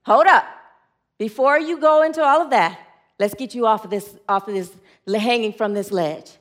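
A woman voicing a calm, commanding, booming male God in a joke told from the pulpit. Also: moderate pace, natural voice.

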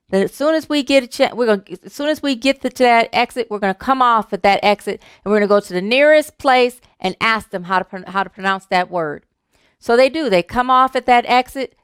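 A woman minister giving a sermon, thanking performers and telling a humorous story, with an animated way of talking and easy laughter. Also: a little high, clean tone, no room sound, clean studio sound. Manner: warm, animated, laughs easily, repeats words.

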